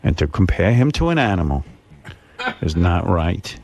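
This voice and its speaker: A man's voice: deep voice, very animated, normal speed, vocal fry, darkish tone, pitched below the performer's own voice, exaggerated voice. A man impersonating his elderly mother, prim and reproachful as she scolds him. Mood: scolding. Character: scolding elderly mother defending a loyal friend.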